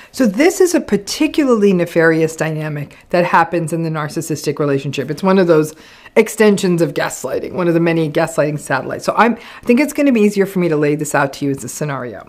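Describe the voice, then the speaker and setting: Deep and darkish in tone, this middle-aged woman is a psychologist running her own channel. Her direct-to-camera talk frankly breaks down relationship patterns in a conversational style, with quoted lines acted out.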